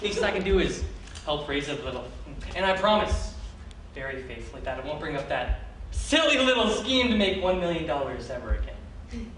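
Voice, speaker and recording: An actor playing a scheming, blustering male theater producer in an acting-class scene, wheedling and prone to shouting bursts. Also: medium pitch, big pitch swings, normal speed. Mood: sly. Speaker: acting student. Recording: echoey room, far mic, noisy.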